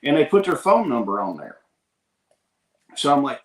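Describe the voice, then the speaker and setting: A man's voice: on the high side, sing-song, normal speed, roomy sound. A man with a Kentucky accent, hosting a show and telling a rambling, folksy story in casual talk, acting out the other people's lines. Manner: folksy, rambling, acts out the voices in his story. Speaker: podcast host.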